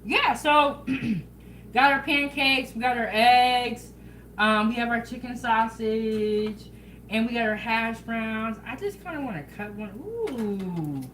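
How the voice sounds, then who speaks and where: A woman hosting a casual home cooking vlog, chatting in a relaxed way and talking straight to her viewers. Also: on the high side, takes it slowly, a little hiss or hum, rough recording. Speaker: home cooking show host. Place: home kitchen.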